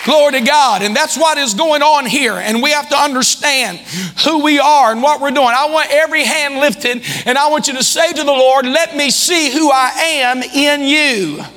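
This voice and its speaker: High-pitched preacher guy, bright and forceful, shouting in a big echoey church with people faintly there. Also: moderate pace, a faint crowd. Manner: fiery preaching with shouted peaks. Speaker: pastor. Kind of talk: sermon. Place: church hall.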